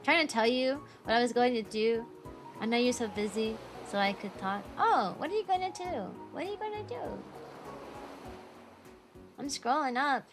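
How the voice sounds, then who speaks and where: A woman's voice: a little high, fairly bright tone. A young adult woman streaming as a VTuber, rambling through casual chat with giggles and self-deprecating jokes. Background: background music.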